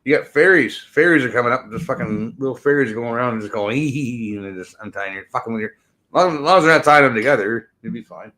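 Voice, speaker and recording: A man in loose casual chat with a bright, forward voice. He swears freely, rambles and lets his sentences trail off. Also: mid-range voice, animated, fast talker.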